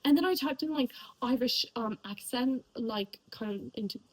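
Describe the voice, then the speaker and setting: A woman's voice: fairly high pitch, moderate pace, a little hiss or hum, poor audio. A young woman chatting casually about the books she read, rambling with lots of fillers and likes. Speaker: book reviewer. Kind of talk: casual chat.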